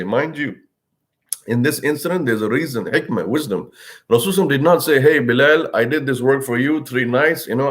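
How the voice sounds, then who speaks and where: A man giving a religious lesson as a story, in a conversational way with many "you know" fillers, acting out the quoted speech. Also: a little mellow. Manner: acts out quoted speech with big pitch swings. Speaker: religious teacher.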